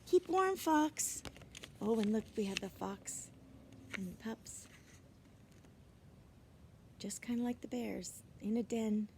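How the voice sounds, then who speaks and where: A woman reading a children's storybook aloud outdoors, gentle and expressive, sometimes dropping into whispered asides. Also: mid-range voice, takes it slowly, vocal fry, long pauses, a little hiss or hum. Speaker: reader. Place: outdoors in winter. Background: birds chirping.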